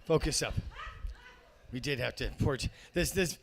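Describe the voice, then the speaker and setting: On a comedy club stage, a man hosts a stand-up show in a medium-pitched voice at normal speed, with vocal fry and a faint hiss or hum in the audio. He rambles and cracks jokes, frequently cutting himself off mid-sentence.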